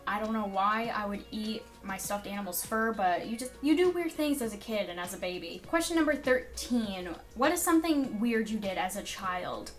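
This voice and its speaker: A woman's voice: mid-range voice, expressive, moderate pace, hardly any pauses, faint music behind. Chatty young woman vlogging. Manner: rambling, filler-heavy storytelling with frequent "like" and "um". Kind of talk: casual chat to camera.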